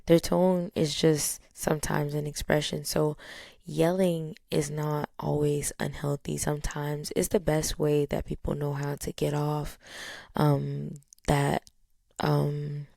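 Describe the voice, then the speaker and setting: Low, gravelly woman speaking calmly. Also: takes it slowly, dry recording, studio quality. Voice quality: low, even tone. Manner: calm, steady, many fillers. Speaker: podcast host. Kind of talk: casual reflective talk.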